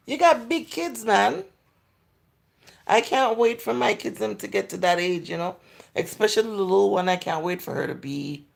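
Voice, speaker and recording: A woman's voice: mid-range voice, gravelly. A woman in her forties with a Jamaican accent, chatting casually on a livestream and answering viewer comments, candid and slipping into patois. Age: 40s. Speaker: livestream host.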